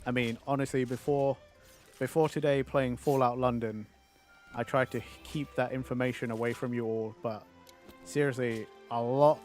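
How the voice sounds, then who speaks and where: A man's voice: medium pitch, fairly even intonation, normal speed, darkish tone, soft background music. A male streamer chatting casually on a livestream, reading viewer messages aloud and answering them.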